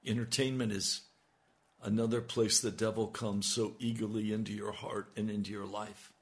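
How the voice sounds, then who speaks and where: A man's voice: fairly low pitch, flat delivery, moderate pace. A man preaching a sermon, building to emphatic, urgent appeals. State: hiccups. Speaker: radio preacher.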